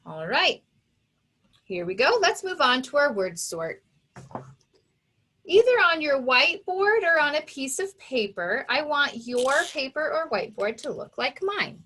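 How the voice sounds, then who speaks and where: A woman's voice: high voice, big pitch swings, sharp tone. A woman teacher giving a recorded phonics lesson to children, talking them through each step with patient, careful pronunciation of each sound. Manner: patient, deliberate enunciation of sounds; gives step-by-step instructions to young pupils.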